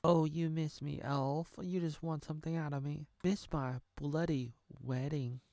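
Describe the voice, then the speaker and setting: A man's voice: a little high, steady tone, a little slow, gravelly, warm tone, no room sound, studio quality, voice pushed up. A man voicing a grumpy, resentful male dwarf with a bitter, accusing tone.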